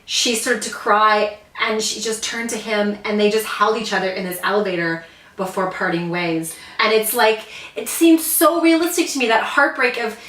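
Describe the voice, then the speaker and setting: A woman's voice: medium pitch, normal speed, a bit bright, roomy sound, far from the mic, rough recording. A woman co-hosting a TV chat show, recapping episodes earnestly with many restarts and emotional asides. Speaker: podcast co-host.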